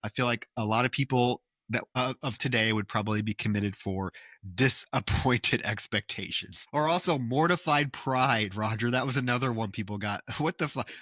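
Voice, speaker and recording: A man co-hosting a podcast, casually recapping a horror film with animated acted quotes. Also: medium pitch, moderate pace, no room sound, studio quality. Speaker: podcast co-host.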